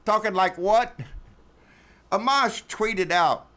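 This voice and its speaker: A man's voice: high-pitched, slow pace, bright, forceful tone. Sarcastic, profane man ranting. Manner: sarcastic, profane, emphatic repetition. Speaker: political commentary host. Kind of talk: casual political commentary rant.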